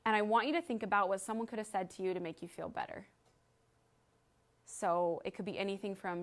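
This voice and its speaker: Woman in her 30s giving a heartfelt talk to a crowd, storytelling, middle pitch. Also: a little fast. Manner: earnest, storytelling, guides the audience through an exercise. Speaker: speaker at a library event. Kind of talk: live talk to an audience.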